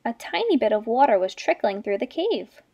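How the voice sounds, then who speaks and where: A woman's voice: a little high, moderate pace, highs cut off. Woman teacher reading a storybook aloud. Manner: gentle, expressive storybook reading. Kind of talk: reading a picture book aloud to children.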